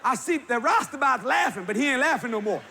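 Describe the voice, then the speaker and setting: A man preaching, telling a funny story with laughter and bursts of shouting. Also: very high voice, fast. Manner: animated, laughing while telling, shouting at peaks. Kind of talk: humorous storytelling sermon. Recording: live audience with crowd noise.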